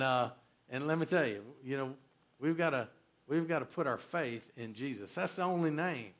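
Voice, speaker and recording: A pastor in his sixties delivers an animated sermon in a fairly high voice. He tells stories and fires questions at the congregation. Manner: animated storyteller, quizzes the congregation.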